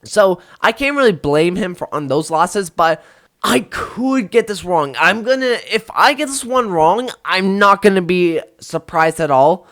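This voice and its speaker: A man's voice: sits high, lively intonation, measured pace, fairly bright tone. A young man hosting a casual video of fight predictions, rambling with lots of fillers and self-corrections. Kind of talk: casual solo prediction talk.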